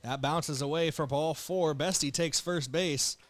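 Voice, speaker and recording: A young man from South Dakota calling baseball play-by-play with relaxed, joking banter between pitches while fighting the hiccups. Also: unhurried. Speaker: play-by-play announcer.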